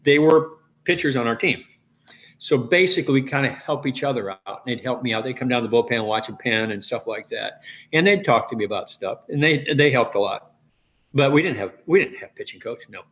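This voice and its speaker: A man's voice: mid-range voice, a little fast, a bit bright. Rambling older man telling stories, lo-fi. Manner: rambling with many restarts and "you know". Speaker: former pitcher, guest. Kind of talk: casual interview storytelling. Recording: dull lo-fi audio.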